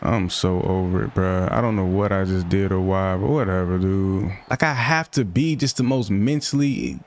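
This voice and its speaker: A young man commentating his own football video game run, slangy and quick to get frustrated, talking to himself between plays. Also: sits low, darkish tone. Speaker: gaming streamer. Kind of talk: live gameplay commentary.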